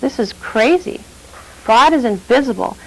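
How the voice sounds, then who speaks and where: A woman's voice: on the high side, animated, measured pace, gravelly, heavily acted, poor audio. A woman voicing a clever young man, Abraham, who talks slyly and innocently. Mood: exasperated. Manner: sly, mock-innocent.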